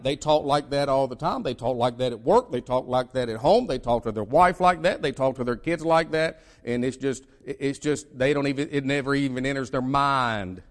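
A man from the United States preaching a sermon, emphatic, with many repeated starts and dramatic swings in delivery. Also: mid-range voice.

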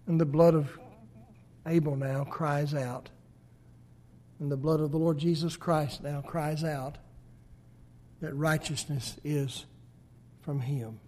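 A man preaching a sermon, swinging between loud emphatic peaks and hushed low endings. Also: fairly even intonation, slow, long pauses.

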